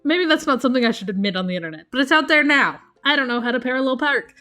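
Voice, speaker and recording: A woman streaming a video game, chatty, excitable and self-deprecating as she comments. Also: sits high, racing, faint music behind. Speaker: let's play streamer.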